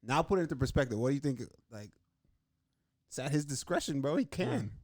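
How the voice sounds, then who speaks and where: Man, casual podcast co-host, animated, says bro, dry sound. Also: medium pitch, brisk, no echo. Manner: animated, acts out fighters' lines. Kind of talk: casual sports chat.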